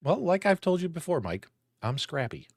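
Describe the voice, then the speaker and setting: Blunt ranting man, lively swinging pitch. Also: normal speed, no echo, studio quality. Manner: acts out roars loudly. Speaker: co-host. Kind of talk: casual chat.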